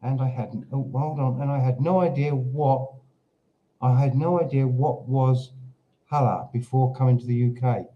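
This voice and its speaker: A man's voice: medium pitch, fairly even intonation, normal speed, narrow, tinny audio. A British man hosting a casual livestream from his home, rambling as he reads out viewer comments and stops to talk to his dog. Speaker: livestream host. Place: home in Portugal.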